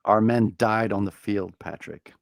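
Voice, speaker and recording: A man in a casual comedy chat, trading teasing banter with a deadpan delivery. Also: lowish voice, a little slow, vocal fry, no room sound. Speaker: podcast co-host.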